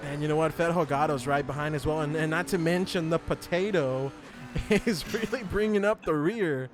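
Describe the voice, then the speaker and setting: A man giving live sim racing commentary, excitable and joking, laughing often. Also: fairly high pitch, moderate pace, music in the background.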